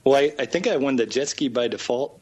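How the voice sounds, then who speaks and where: Man from wisconsin, caller, friendly and easygoing, relaxed talk. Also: mid-range voice, brisk, slightly rough.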